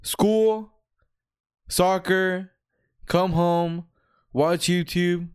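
Young male co-host with a clean, resonant, slightly high voice, relaxed and casual. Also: clear, resonant tone. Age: young adult. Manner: relaxed, profane, fast when explaining. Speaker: podcast co-host. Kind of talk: casual chat.

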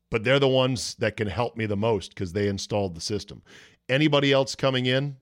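An American man hosts a casual sports talk show, venting in an exasperated, profane stream. His voice sits at an ordinary middle pitch. It is recorded dry and close, with no room sound. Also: a little fast, dry recording. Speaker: sports talk podcast host. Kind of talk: casual ranting monologue.

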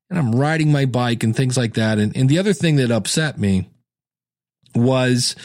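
A man's voice: mid-range voice, darkish tone, dry recording, clean studio sound. A middle-aged man hosting a casual solo podcast, chatty and self-deprecating, acting out his own thoughts in little voices. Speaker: podcast host.

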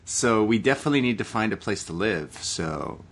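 A man's voice: fairly low pitch, animated, fairly quick, fairly bright tone. A man co-hosting a casual podcast chat, joking about himself in a playful way that sometimes trails off. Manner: self-mocking, playful, trails off. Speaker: podcast co-host.

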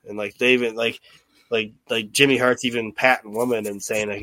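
A man's voice: medium pitch, fairly quick, dry recording. A man hosting a podcast, casually recapping an old wrestling show in a rambling, profane way and acting out what people said. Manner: rambling, profane, animated retelling with quoted voices. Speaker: podcast host.

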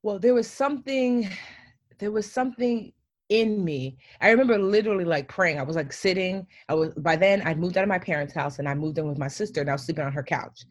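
A woman in her thirties, a podcast guest, tells her own story in a lively way, often saying "like" and "yo" and acting out what she said back then. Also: lowish voice, quick pace, no echo. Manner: animated, says "like" and "yo" a lot, acts out her own past lines.

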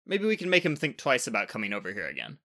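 A proud, sharp-tongued planet Earth, put on by a man reading a storybook aloud. She talks in a raised, indignant, sarcastic tone, bright and forceful. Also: mid-range voice, wildly swooping pitch, quick pace, exaggerated voice. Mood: defiant.

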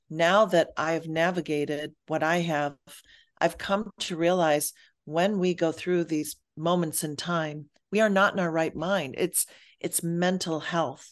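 A woman's voice: fairly low pitch, fairly even intonation, measured pace. A woman guest on an interview podcast who speaks earnestly and reassuringly about motherhood and mental health. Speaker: guest, perinatal mood expert.

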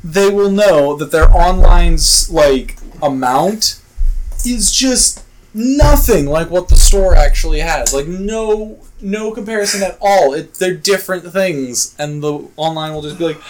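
Young male podcast co-host, animated storyteller, light background noise. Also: high voice, unhurried. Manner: animated storyteller, swearing, acting out customers. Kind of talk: casual chat.

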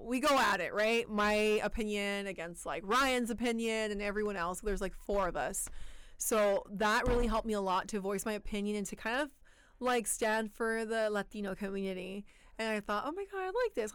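A woman's voice: mid-range voice, normal speed, smooth, dry recording. A young woman with a Spanish accent, a student news anchor, chatting animatedly as an interview guest. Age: young adult. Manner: lively, chatty, animated quoting of herself. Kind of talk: casual interview chat.

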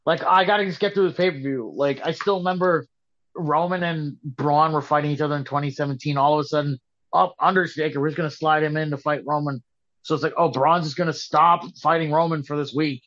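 A man's voice: on the high side, fairly even intonation, a little fast, a bit bright. A man co-hosting a casual wrestling chat, rambling and restarting his sentences, skeptical in tone. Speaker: podcast co-host. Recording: dull lo-fi podcast audio.

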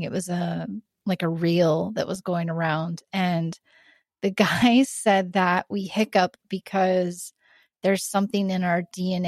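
A woman co-hosting a podcast in casual chat, telling stories in a relaxed, amused way. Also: fairly low pitch, dry recording, clean studio sound. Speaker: podcast co-host.

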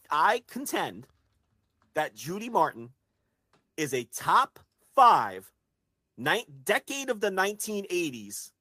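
Excitable man arguing his case, dry close mic. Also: fairly high pitch, dry recording. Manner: excitable, swears freely, builds an argument point by point. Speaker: podcast co-host. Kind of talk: casual chat.

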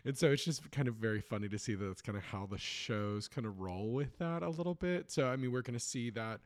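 A man's voice: medium pitch, a little fast. Man host, chatty recap; rambles, restarts, lots of fillers. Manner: rambling, with many fillers and restarts, animated when retelling jokes. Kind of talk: casual episode recap.

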